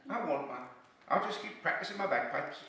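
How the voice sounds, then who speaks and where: A man's voice: on the high side, expressive, a little fast, heavy reverb, distant mic, heavy background noise, lightly acted. A man voicing a cheerful young Scotsman who answers his mother breezily. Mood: breezy.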